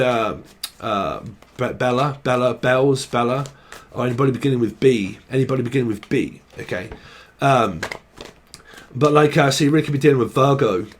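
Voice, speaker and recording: A young man giving a casual tarot reading, rambling and swearing as he thinks aloud. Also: mid-range voice. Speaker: tarot reader.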